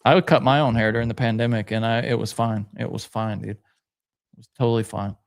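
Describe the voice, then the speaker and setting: A man's voice: lowish voice, fairly even intonation, fast talker, creaky. A man co-hosting a podcast, reading viewer comments aloud with lots of hesitant fillers. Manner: hesitant, many uhs, laid-back. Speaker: podcast co-host.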